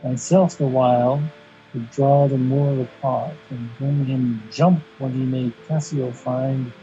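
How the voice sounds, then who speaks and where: A man reading a hushed, scheming villain. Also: mid-range voice, level tone, slow pace, soft background music, close to an everyday voice. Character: scheming male villain plotting aloud. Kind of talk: amateur play read-aloud. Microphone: video call. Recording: dull lo-fi video call audio.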